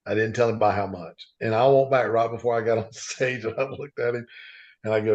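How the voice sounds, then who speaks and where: A man's voice: on the low side, fairly even intonation, fast talker, darkish tone. A man telling earnest stories as a podcast guest, rambling with frequent restarts. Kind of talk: casual storytelling. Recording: dull lo-fi sound.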